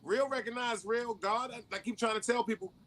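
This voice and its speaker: A man hosting a live stream show, chatting casually and hyping up his guests as he shouts them out. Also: extremely high pitch, fairly even intonation, a little fast, very noisy. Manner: hyped, shouts people out. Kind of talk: casual chat.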